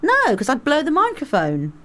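Female guest, forties, high animated voice, teasing banter. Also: normal speed. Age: 40s. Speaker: podcast guest. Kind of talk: casual chat.

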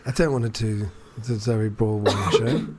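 A man's voice: on the low side, fairly even intonation, unhurried, very noisy. A man co-hosting a podcast, chatting casually with dry quips and swearing. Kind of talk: casual chat.

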